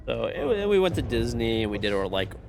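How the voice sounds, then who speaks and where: A man's voice: mid-range voice, a little fast, vocal fry, music in the background. A man in his thirties streaming a game, chatting casually and telling stories with lots of swearing. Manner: animated storyteller, swears a lot. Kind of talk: casual chat while gaming.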